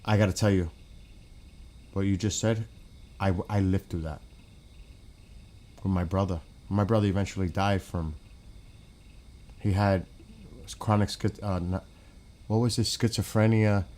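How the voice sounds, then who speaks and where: A man's voice: sits low, fairly even intonation, a little slow, long pauses, a little mellow. A man on a gaming stream in casual chat. He talks bluntly and swears a lot, rambles and restarts his sentences, and often drifts away from the mic.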